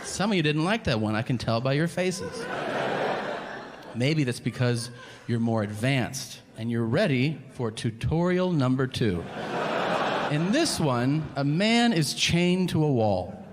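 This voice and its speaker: A man doing a stand-up comedy set on a club stage, crude and deadpan in his setups, then shouting the punchlines. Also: mid-range voice. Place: comedy club stage before a live audience. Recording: reverberant venue with audience noise. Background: audience laughter.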